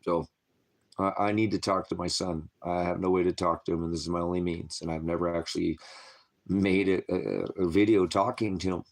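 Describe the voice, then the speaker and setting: A man's voice: low-pitched, flat delivery, fairly quick, creaky. A man recording an emotional video message as a father, distraught and self-blaming, his voice breaking as he struggles to hold himself together. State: crying, struggling to keep composure. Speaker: father making a video appeal.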